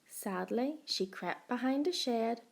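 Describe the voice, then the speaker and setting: A woman's voice: fairly high pitch, creaky. A woman primary school teacher reading a picture book aloud to young children. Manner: slow, expressive.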